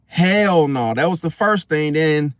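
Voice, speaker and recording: A man's voice: a little high, measured pace, no room sound, studio quality. A man telling a story to his viewers in a casual vlog, slangy and profane, talking straight to them. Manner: animated, slangy and profane, addresses viewers directly. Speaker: astrology vlogger.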